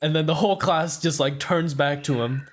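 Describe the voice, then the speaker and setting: A man's voice: fairly high pitch, moderate pace. Young man rambling through a story. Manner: rambling, heavy use of filler words and swearing. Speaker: podcast host. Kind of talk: casual storytelling chat.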